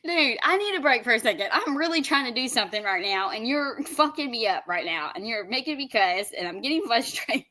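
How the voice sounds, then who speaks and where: A woman's voice: on the high side, animated, brisk, hardly any pauses, pushed and bright. A woman chatting casually on a stream, amused and laughing, cursing now and then. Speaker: streamer reacting. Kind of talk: casual chat.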